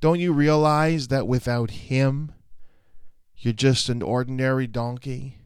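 A man voicing a gentle mother donkey who chides her child softly. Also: mid-range voice, fairly even intonation, measured pace, clean tone, dry recording, studio quality, close to an everyday voice. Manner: gentle, chiding.

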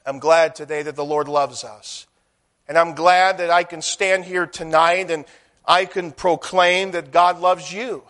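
A man with a high, ringing voice preaches a sermon. He presses hard on key words, then falls soft and low, often repeating a phrase as he gathers force. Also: fairly even intonation, measured pace. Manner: emphatic preaching with swells and drops in loudness, repeating phrases.

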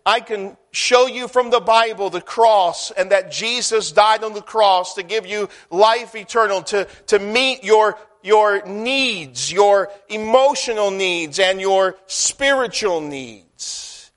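A man's voice: high-pitched, slow pace, fairly bright tone. A man preaching a sermon, emphatic, swelling and then dropping his voice, repeating phrases as he builds.

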